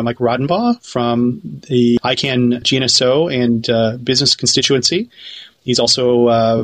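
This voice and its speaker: A man's voice: mid-range voice, fairly bright tone. A man guest-hosting an internet radio talk show, with music playing behind him. He reads plugs and introduces the guest in an unpolished way, filling gaps with uh and um. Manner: loose, with frequent uh fillers. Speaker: guest host.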